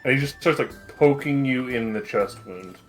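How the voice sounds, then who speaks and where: A man's voice: medium pitch, normal speed. Casting: jokey male tabletop player, loose delivery, faint music underneath. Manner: goofy, joking, many "like"s. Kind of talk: tabletop role-play.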